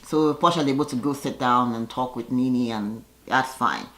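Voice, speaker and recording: A woman's voice: a bass voice, normal speed, fairly bright tone. Sassy woman recapping reality TV. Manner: sassy, acts out the cast's lines in voices. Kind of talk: casual recap commentary. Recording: roomy echoey room.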